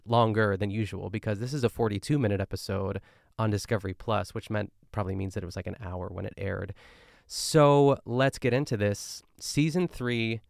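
A man's voice: fairly low pitch, gravelly, no echo, studio quality. A man hosting a podcast, recapping an episode in a chatty, rambling way and asking himself questions aloud. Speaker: podcast host. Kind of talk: casual solo recap chat.

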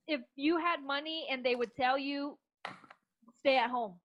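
A woman's voice: high voice, unhurried, a bit bright, lo-fi sound, slight background noise. A woman co-hosting a podcast in casual chat, brash and loose, swearing freely and calling people "bro". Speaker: podcast co-host.

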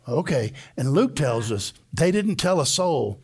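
A man's voice: a little high, big pitch swings, unhurried, darkish tone, breathy edge. A male pastor preaching a sermon to a live congregation, telling the story emphatically and acting out the voices of the people in it. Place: church before a live congregation.

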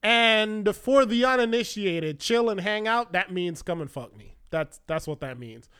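A young man from Florida telling a personal story in a casual, animated, profane way, acting out what people said and often dropping his voice for asides. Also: sits high, unhurried, clean tone.

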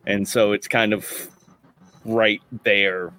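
A man playing a tabletop game, deliberate and hedging with fillers. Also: lowish voice, flat delivery, sharp tone. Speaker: player.

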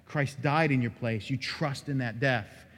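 A man preaching an expository sermon as pastor, animated and dramatic, acting out quoted lines with sudden rises in his voice. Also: mid-range voice, measured pace, slightly rough. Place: church sanctuary. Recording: long hall reverb.

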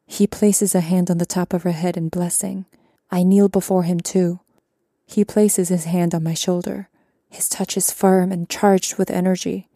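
A young adult woman reading a first-person story aloud in a calm, even narration with quiet character voices. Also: on the low side, moderate pace, dry recording, studio quality. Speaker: audiobook narrator.

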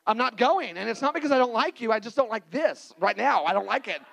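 A man preaching a sermon as pastor, animated and playful, acting out little scenes for the congregation. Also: extremely high pitch, quick pace, creaky, poor audio.

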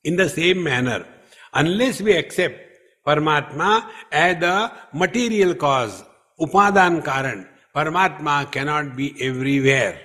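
A man giving a spiritual discourse at a retreat, speaking slowly and emphatically and chanting Sanskrit verses. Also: a little high, pushed and bright. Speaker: spiritual teacher. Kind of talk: scriptural discourse. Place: retreat hall.

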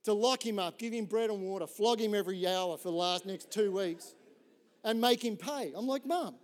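A middle-aged man preaching a sermon in an animated, conversational way, telling a story and often checking in with "right?". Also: high voice, normal speed. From Australia. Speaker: pastor.

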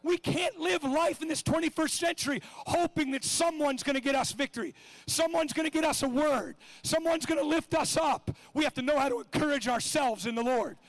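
A middle-aged man preaching a sermon with passion, swinging between shouts and hushed asides. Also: extremely high pitch, brisk, no room sound.

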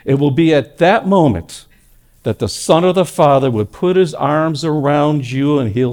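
Unhurried and on the high side, a male pastor preaches at a church service, weaving in stories. His animated sermon alternates between emphatic, loud lines and quiet, hushed ones.

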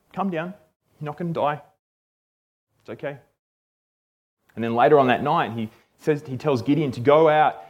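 A man teaching a Bible passage in a relaxed, conversational way, often checking in with "okay?". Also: a little high. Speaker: preacher.

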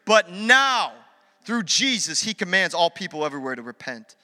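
A man's voice: a little high, sing-song, fast talker, pushed and bright. A pastor preaching a conversational sermon, acting out dialogue as he goes. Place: church sanctuary. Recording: long reverb from a large hall.

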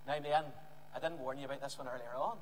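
A man preaching, telling a Bible story to a congregation in a lively, acting-out way. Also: medium pitch, fast. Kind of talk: animated children's Bible story. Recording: reverberant hall with faint noise.

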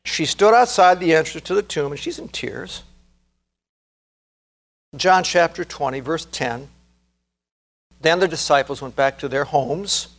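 A man preaching a sermon as pastor, earnest, slowing down and rising in fervor to stress key words. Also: a little high.

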